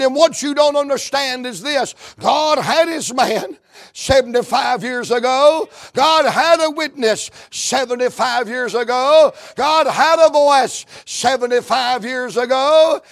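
A preacher with a strikingly high voice, taking his time and leaning on each word. He repeats his phrases in a steady rhythm and climbs into shouts. His sermon carries stretches of quoted back-and-forth dialogue. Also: gravelly. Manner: tells stories with quoted dialogue.

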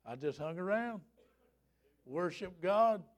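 A high-pitched man in his fifties preaches with folksy fervor. His voice swoops widely, and at its peaks he breaks into shouts. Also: animated, slow pace. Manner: fervent, folksy, rising to shouts. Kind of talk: revival sermon.

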